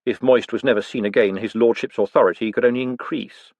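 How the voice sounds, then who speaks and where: A man reading a novel aloud as a narrator, in measured storytelling. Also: medium pitch, fairly even intonation, a little mellow, dry recording, dull audio. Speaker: audiobook narrator. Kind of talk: scripted narration.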